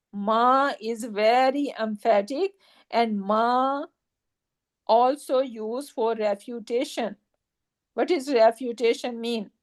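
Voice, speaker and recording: Woman teacher, slightly high voice, slow and deliberate, repeats points, checks understanding. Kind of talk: classroom grammar lesson.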